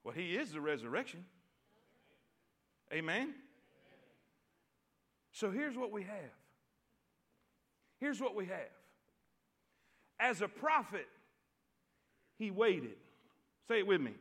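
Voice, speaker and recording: High bright-voiced preacher. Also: male voice, very animated, slow pace, pauses often, breathy edge. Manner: repetitive, call-and-response preaching that builds to shouts. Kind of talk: sermon. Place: church.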